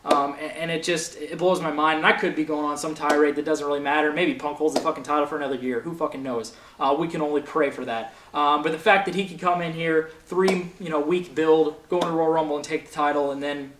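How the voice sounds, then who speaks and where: A man's voice: fairly high pitch, steady tone, a little fast, few pauses. A young man hosting a wrestling show, ranting with passion and heavy swearing in casual commentary. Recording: echoey room, faint noise.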